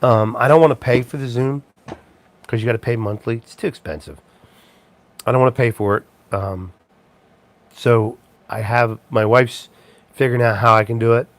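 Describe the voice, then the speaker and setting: A man's voice: mid-range voice, fairly even intonation, normal speed, long pauses. A man hosting a casual livestream chat, rambling and chuckling, with plenty of ums and restarts. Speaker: live show host.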